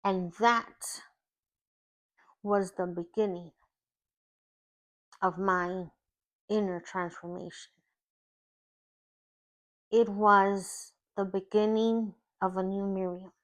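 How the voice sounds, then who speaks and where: A woman life coach telling a personal faith testimony in slow, emotional storytelling with long pauses. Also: mid-range voice, steady tone.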